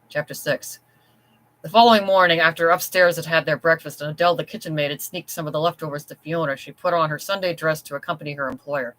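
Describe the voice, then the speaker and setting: An author reading their own novella aloud in steady, scripted storytelling. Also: mid-range voice, fast talker, rough recording. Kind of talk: scripted audiobook narration.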